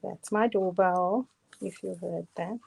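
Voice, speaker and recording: A woman's voice: on the low side, slow pace, creaky, a little mellow, slightly rough. A middle-aged woman with a Cape Town South African accent, casually demonstrating card making, chatty and self-deprecating with frequent laughs. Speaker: guest crafter demonstrating cards. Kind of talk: casual live craft demonstration.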